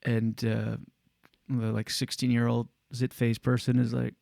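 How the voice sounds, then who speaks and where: A man's voice: mid-range voice, completely flat delivery, unhurried, vocal fry, a little mellow, no room sound, clean studio sound. A man hosting a podcast, telling a rambling, jokey story in casual chat and acting out other people's voices. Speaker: podcast host.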